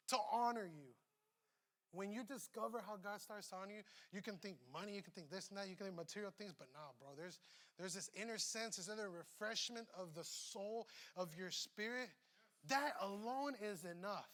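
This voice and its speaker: A man's voice: high voice, moderate pace, sharp tone. A man preaching a casual, conversational sermon as pastor, slangy and emphatic, with rises and drops. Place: church.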